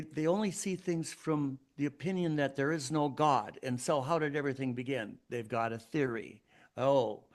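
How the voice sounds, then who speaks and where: A man hosting a solo podcast, arguing his points in an emphatic, preachy way. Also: on the high side. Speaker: podcast host.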